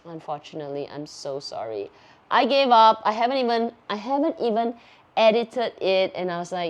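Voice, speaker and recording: A woman, a YouTube host chatting casually through viewer questions in a bubbly, giggly, excitable way. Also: mid-range voice, a little fast. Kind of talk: casual Q&A chat.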